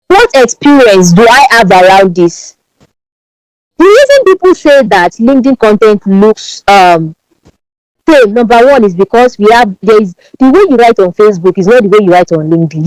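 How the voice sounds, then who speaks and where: A woman from Ibadan with a Nigerian Yoruba accent, speaking as a guest on a podcast in an emphatic, animated way and often repeating words. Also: a little high, no room sound, rough recording. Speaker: podcast guest, branding strategist. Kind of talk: podcast interview.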